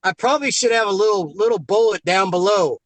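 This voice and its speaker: A man on a video call telling an excited story about his own results, acting out the lines of the people in it. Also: high-pitched, fast talker, dry recording. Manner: excited, acts out quoted dialogue. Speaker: guest giving a product testimonial. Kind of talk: animated storytelling on a live call.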